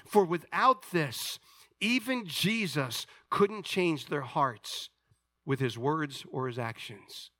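A man preaching a sermon to his church, pressing the congregation with questions and dropping to a hushed voice to pray. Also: expressive, slow, no room sound. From United States. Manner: preaching with rising intensity and direct questions to the congregation; drops to a quiet, low voice in prayer. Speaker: pastor. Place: church sanctuary.

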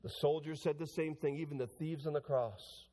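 A man's voice: on the high side, fairly even intonation, moderate pace, warm tone. A man preaching a sermon as pastor, retelling scripture dramatically and voicing the figures in it. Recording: long hall reverb.

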